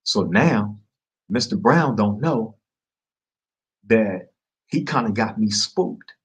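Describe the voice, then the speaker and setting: Speaking slowly in a fairly low, husky voice, this man hosts a podcast and recounts a story to camera using relaxed street slang. He animates the retelling by acting out each quote, and the recording is rough.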